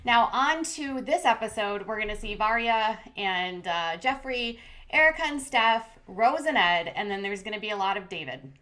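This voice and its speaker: A woman's voice: medium pitch, lively intonation, normal speed, bright, forceful tone. A woman hosting a commentary channel, recapping a reality show in a chatty, sarcastic way with plenty of fillers.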